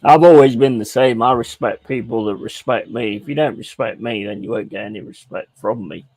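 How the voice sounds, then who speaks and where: A man's voice: mid-range voice, brisk, darkish tone, no room sound. A man chatting casually on a live stream, swearing freely and telling a long rambling anecdote. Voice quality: swearing, laddish storytelling. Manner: rambling anecdote with repeated asides. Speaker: streamer playing a football management game.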